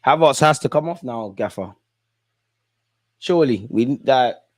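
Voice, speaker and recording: A man's voice: mid-range voice, lively intonation, a little slow, a little mellow. A young man hosting a live football watch-along, reacting to the match in an exasperated way and talking straight at the players and the referee.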